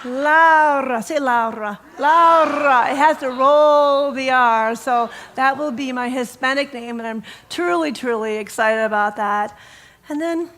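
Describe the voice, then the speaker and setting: A middle-aged woman minister giving a casual storytelling sermon, animated and laughing as she acts out dialogue. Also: high-pitched, a little slow.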